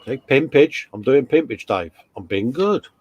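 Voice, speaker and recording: A man's voice: medium pitch, expressive, normal speed, breathy edge, no echo, muffled recording. A man co-hosting a casual live stream, reading out viewer comments with jokey, matey banter. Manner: jokey, matey banter, calls everyone mate and fella. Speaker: co-host of a live modelling chat stream.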